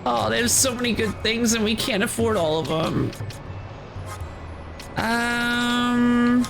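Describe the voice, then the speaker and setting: A woman streaming a video game, chatting casually and musing aloud with curiosity. Her voice sits a little high with a gravelly, fry-tinged edge, and faint game music plays behind her. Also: slow, long pauses. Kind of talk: casual let's-play commentary.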